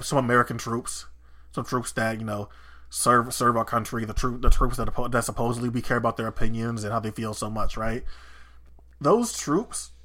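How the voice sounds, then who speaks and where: A man's voice: medium pitch, a bit bright. A man co-hosting a podcast in casual chat, talking heatedly, swearing and restarting his sentences. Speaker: podcast co-host.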